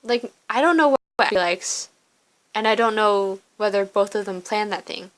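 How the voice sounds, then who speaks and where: A woman's voice: mid-range voice, normal speed, a bit bright, low-quality recording. A young woman who reads through a story game and chats about her choices, casual and self-mocking. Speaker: game player. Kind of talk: casual commentary while reading a story game.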